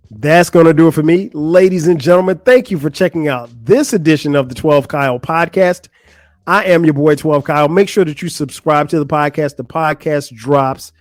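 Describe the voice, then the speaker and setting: Male podcast host, young adult, slangy exasperated storyteller, slightly high voice, dry close mic. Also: no room sound. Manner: animated, exasperated, lots of restarts and slang. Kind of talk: casual storytelling monologue.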